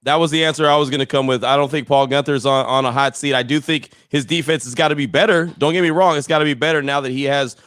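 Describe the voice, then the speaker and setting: A man's voice: on the high side, fairly even intonation, fast, hardly any pauses, fairly bright tone, clean tone, no room sound, studio quality. A man co-hosting a sports radio show, opinionated and punchy, summing up his points with catchy lines. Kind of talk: casual sports radio chat.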